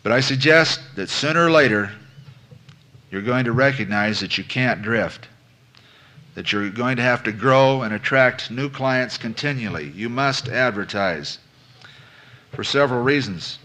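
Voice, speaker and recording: A man's voice: medium pitch, expressive, measured pace, sharp tone. A man giving a business seminar lecture to a live audience, folksy and conversational, asking questions and repeating phrases for emphasis. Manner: folksy, addresses listeners as folks.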